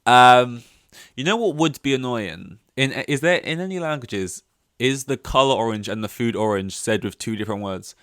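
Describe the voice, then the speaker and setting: Rambling young man, smooth voice. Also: mid-range voice, expressive, moderate pace, fairly bright tone, no room sound, studio quality. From London. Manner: rambling, self-deprecating, many fillers and restarts. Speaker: podcast host. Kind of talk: casual solo chat.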